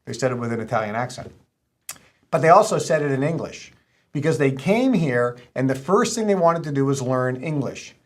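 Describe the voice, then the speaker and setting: A man's voice: mid-range voice, lively intonation, normal speed. A man speaking in an emphatic, lecturing way. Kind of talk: speech.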